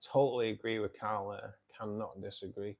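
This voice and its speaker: Mancunian male streamer, lowish voice, friendly chatty delivery, reads out viewer comments. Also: level tone, moderate pace, creaky. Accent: Northern English, Manchester. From England. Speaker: live stream host. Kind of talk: casual live chat reading viewer comments.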